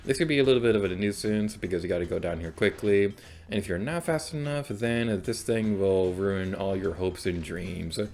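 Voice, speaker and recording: A man's voice: low-pitched, normal speed. A young man hosting a let's play, rambling casually and self-deprecatingly about the game as he plays. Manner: chatty, rambling, self-deprecating, sudden loud outbursts. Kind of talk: casual gameplay commentary.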